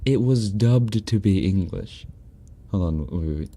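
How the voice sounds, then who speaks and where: A man live-streaming on an ASMR channel, chatting casually about clips, often breaking into giggles while trying to keep his voice soft. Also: lowish voice, expressive, unhurried, husky. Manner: giggly, breaks into laughter, talks softly. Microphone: binaural ASMR microphone.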